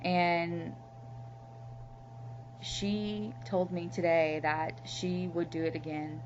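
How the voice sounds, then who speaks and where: A woman's voice: on the low side, flat delivery, very slow, a little mellow. A woman from Louisiana talking candidly in a personal video diary, heartfelt and rambling with lots of "you know"s. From Louisiana, USA. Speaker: vlogger. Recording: muffled lo-fi recording with faint hum.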